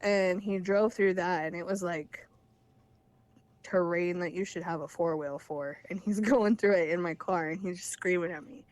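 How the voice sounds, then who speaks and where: A young woman calling in to tell a personal story in a candid, rambling way, with quick laughs between phrases. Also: fairly low pitch, fairly even intonation, darkish tone, no echo. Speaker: caller sharing her story.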